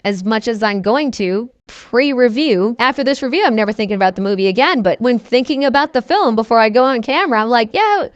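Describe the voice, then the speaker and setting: A woman's voice: on the high side, fast, hardly any pauses, dry recording, dull audio. A woman giving a casual, sarcastic, profane movie review to camera, wandering off on tangents.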